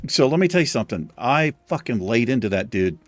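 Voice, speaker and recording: A man's voice: medium pitch, sing-song, brisk, no room sound. A young man casually commenting on his game and rambling through a story, swearing freely as he talks. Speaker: gaming streamer.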